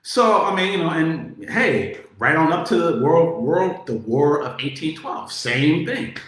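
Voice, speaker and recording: A man giving a casual political monologue, talking in a profane, animated way, with many filler words. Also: fairly high pitch, unhurried. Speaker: political commentator. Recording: very echoey room.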